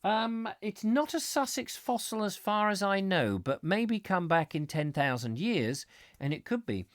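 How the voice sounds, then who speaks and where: A man's voice: high voice, big pitch swings, measured pace, no echo. Guy hosting a live chat show, rambly and jokey, bouncy voice, dry sound. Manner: rambling, playful, jokey asides. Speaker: comic chat show host. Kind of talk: live comic chat, reading viewer comments.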